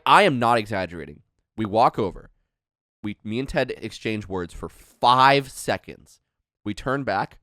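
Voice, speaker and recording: A man on a podcast tells a story with lively swings in his voice, swearing freely and acting out each quote. He is recorded on a close, dry mic. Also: medium pitch, dry recording. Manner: animated, swearing, acts out quotes. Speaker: podcast host. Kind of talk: casual storytelling chat.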